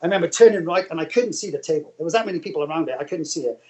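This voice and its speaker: A man, a casino dealer, telling a lively story and acting out his own lines. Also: a little high. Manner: fast and animated, acts out his own lines. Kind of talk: casual anecdote.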